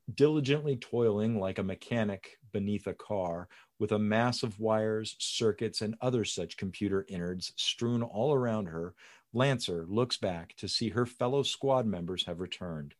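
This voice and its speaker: A man reading comic script panel descriptions aloud in a lively way. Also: lowish voice, moderate pace. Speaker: script reader.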